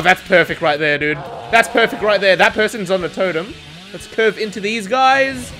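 Excitable swearing gamer, lively voice. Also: medium pitch. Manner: excitable, swears a lot, laughs often. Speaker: gamer streaming a match. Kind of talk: live gameplay commentary.

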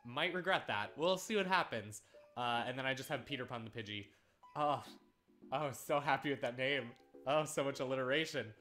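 A man's voice: mid-range voice, normal speed, pushed and bright, soft background music. A man casually commenting on a video game as he plays, sarcastic, often repeating words in exasperation. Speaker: let's play host.

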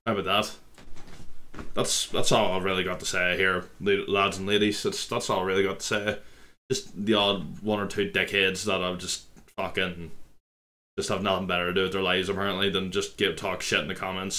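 A man with an Irish accent talks casually as the host of a reaction video. His voice sits a little low, and he rambles on in a blunt, sweary way. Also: sharp tone. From Ireland.

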